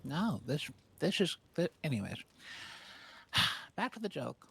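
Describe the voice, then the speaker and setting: A man putting on a creaky scheming old granny. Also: very animated, slow pace, sharp tone, heavily acted. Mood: storytelling. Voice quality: creaky, raspy. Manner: prim and sing-song, with big pitch swings. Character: scheming old granny who wants to kill someone. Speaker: streamer, role-play player. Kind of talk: western role-play in character.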